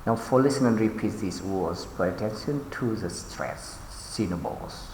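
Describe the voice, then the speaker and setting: A man teaching an English pronunciation lesson with a Vietnamese accent, reading words slowly and deliberately with drawn-out repetitions and frequent fillers. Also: lowish voice, lively intonation, background noise. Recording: echoey room with long reverb.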